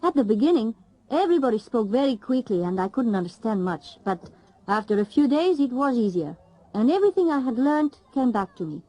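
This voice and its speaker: A woman speaks with an animated, swinging pitch that sits a little high. She delivers a scripted language-lesson monologue in a clear, lively way. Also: brisk, poor audio. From Italy. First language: Italian. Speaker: learner recounting experience.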